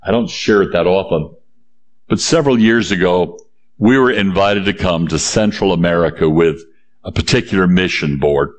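Emphatic man preaching a sermon. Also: roomy sound. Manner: emphatic, repeats key phrases, drops low and slow for weight. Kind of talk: sermon with scripture reading.

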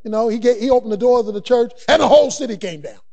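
A man preaching a sermon, animated and colloquial, breaking into shouts and playful asides. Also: very high-pitched, fast talker, vocal fry.

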